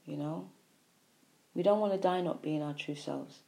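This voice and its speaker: A woman with a lowish, mellow voice giving a spiritual monologue. She preaches in repeated phrases, dropping to near-whispers and then pushing out loud emphatic lines. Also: moderate pace, gravelly. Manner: repetitive, preachy, with sighs and emphatic swings in loudness. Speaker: spiritual speaker.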